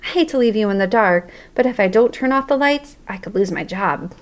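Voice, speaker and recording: A woman's voice: medium pitch, animated, brisk, natural voice. A woman voicing a friendly, joking middle-aged male janitor in a storybook reading.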